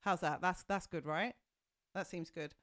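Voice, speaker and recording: A woman hosts a live stream in a relaxed, chatty way. She laughs easily and moves between banter and fixing her audio. Her voice sits dry and close to the desk mic. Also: fairly low pitch, a little slow, no echo. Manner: chatty, laughs often, fiddles with audio settings. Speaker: streamer host. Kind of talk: casual chat.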